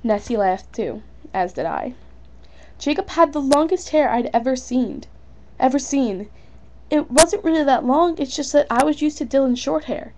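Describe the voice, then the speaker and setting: A woman's voice: sits high, lively intonation, moderate pace, dark tone, slight background noise. A young woman reading her own story aloud in a casual, unpolished way, with fillers and small slips. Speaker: fan fiction reader.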